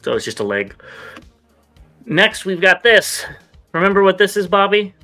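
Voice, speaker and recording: A man co-hosts a casual talk show, moving through news items with quick, easygoing remarks. His voice sits a touch high and comes across bright and forceful. Faint music plays under the conversation. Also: sing-song. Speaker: co-host of a toy news show. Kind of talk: casual chat.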